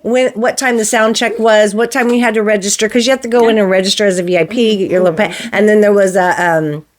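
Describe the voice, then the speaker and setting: A woman's voice: mid-range voice, fairly even intonation, fast. A woman in a casual podcast chat who explains things methodically, step by step.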